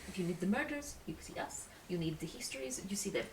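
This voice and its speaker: A woman's voice: lowish voice, animated, quick pace, echoey room, distant mic, background noise. A woman as a player at a tabletop game, making chatty, joking asides. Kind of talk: casual tabletop play.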